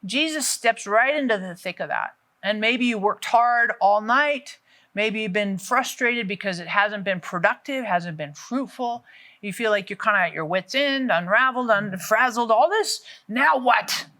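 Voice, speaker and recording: A woman in middle age teaches from the Bible in a relaxed, conversational way. Her voice is bright and clear, at an ordinary pitch. She tells the story with animation and acts out what the people in it say. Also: moderate pace. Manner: lively storytelling, acting out quotes.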